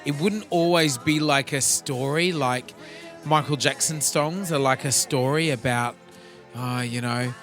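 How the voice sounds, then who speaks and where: A man's voice: mid-range voice, unhurried, a bit bright, faint music behind. Rambling Australian man podcaster. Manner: rambling, filler-heavy musing. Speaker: podcast co-host. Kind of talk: casual chat.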